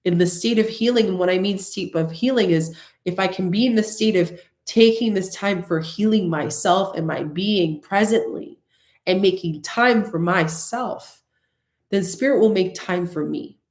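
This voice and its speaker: A woman's voice: medium pitch, moderate pace, a little mellow, reverberant. A woman spiritual coach talking earnestly and directly to her viewers, often repeating herself for emphasis. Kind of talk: casual spiritual talk to viewers.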